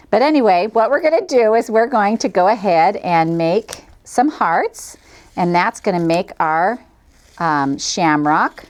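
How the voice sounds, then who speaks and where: A woman's voice: medium pitch, lively intonation, unhurried, a little mellow. Woman, middle-aged, cheerful, chatty, folksy, craft tutorial host. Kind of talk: friendly craft demonstration.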